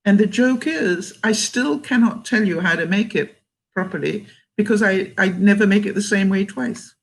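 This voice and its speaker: A woman's voice: mid-range voice, moderate pace, gravelly, low-quality recording. An older woman from Canada, chatting casually on a live stream, reading out viewer comments and laughing often between thoughts. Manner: chatty and warm, laughs often, restarts sentences. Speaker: vlogger reading live chat.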